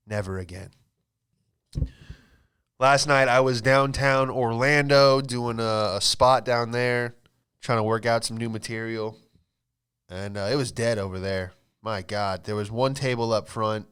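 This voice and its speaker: A man's voice: mid-range voice, fairly even intonation, measured pace, long pauses, fairly bright tone, clean tone. A man hosting his own podcast, telling a rambling, profane, exasperated story with frequent laughs. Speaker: podcast host and comedian. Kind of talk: casual storytelling monologue.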